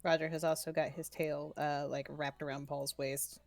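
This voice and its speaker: A woman's voice: sits low, flat delivery, moderate pace, vocal fry, no echo. A woman playing a tabletop game, chatty and amused. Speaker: player.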